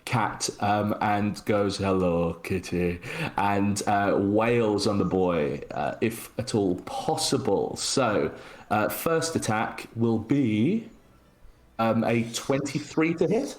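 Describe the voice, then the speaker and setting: A man's voice: lowish voice, takes it slowly, rough recording. A man playing a tabletop game, talking hesitantly with many fillers as he describes his turn. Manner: hesitant, full of uhs and ums. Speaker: player.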